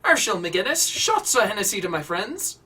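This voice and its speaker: A weary, short-tempered businessman with a put-on Irish lilt, as a storyteller voices him. He talks high, loud and brusque, and he brushes off anyone keeping him from a drink. The voice is bright and husky, heard from a little off the mic. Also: sing-song, normal speed, far from the mic, exaggerated voice. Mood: fed-up, dismissive. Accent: attempted Irish. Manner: brusque, exasperated, dismissive.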